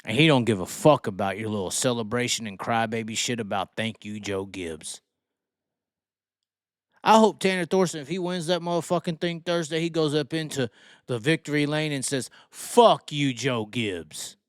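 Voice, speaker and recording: On a livestream, a man hosting a racing show rants heatedly and swears while mocking fans and reading the chat. His voice is a little high and fairly quick, with studio-quality sound and no room echo.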